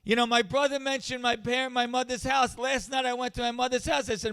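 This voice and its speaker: A man's voice: extremely high pitch, level tone, a little fast, hardly any pauses, fairly bright tone, clear, resonant tone, dry recording. A man giving an impassioned inspirational speech at a charity event, building his points through repeated refrains.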